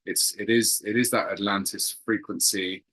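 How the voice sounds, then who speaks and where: On a low-quality recording, a man with a lowish, fairly bright voice speaks at a moderate pace with fairly even intonation. He is a guest sharing, with real earnestness, a personal spiritual experience, pausing to hunt for words and repeating phrases along the way.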